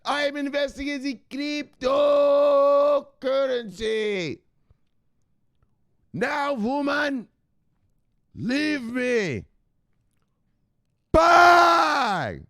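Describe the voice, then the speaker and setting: A man voicing an excitable crypto-obsessed man who yells at his mother and keeps repeating himself. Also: very high voice, very slow, vocal fry, pauses often, dry recording, studio quality, pitched above the performer's own voice, exaggerated voice. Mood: hyped shouting. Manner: shouting, hyped, repeating "look, look".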